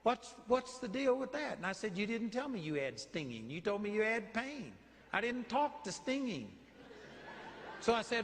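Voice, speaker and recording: Texan preacher, higher-pitched man, animated storytelling in a reverberant hall. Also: normal speed, a little hiss or hum. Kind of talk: sermon.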